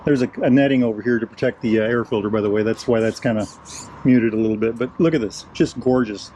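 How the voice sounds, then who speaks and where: A man's voice: medium pitch, quick pace, mellow, slight background noise. An older man reviewing a motorcycle outdoors in a casual, enthusiastic style. He keeps repeating his praise. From United States. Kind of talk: casual review walk-around. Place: outdoors at a motorcycle dealership lot.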